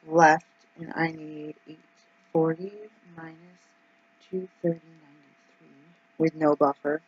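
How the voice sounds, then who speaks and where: A woman vlogging casually as she works through her budget out loud, anxious and rambling, with frequent ums and exclamations. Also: sits low, flat delivery, measured pace, long pauses, slightly rough, highs cut off. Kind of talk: casual vlog, thinking aloud over budget.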